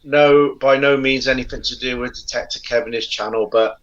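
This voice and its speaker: A man's voice: mid-range voice, steady tone, fairly quick. Ranting man with a dull, lo-fi sound. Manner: teasing, then indignant ranting. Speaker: guest. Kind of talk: live-stream chat.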